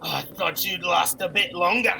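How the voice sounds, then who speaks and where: A man's voice: sits high, normal speed, creaky, bright, forceful tone, slight background noise, heavily acted. A man voicing a tiny, cocky male dwarf arm-wrestler who taunts his opponent. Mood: taunting. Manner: boastful, taunting.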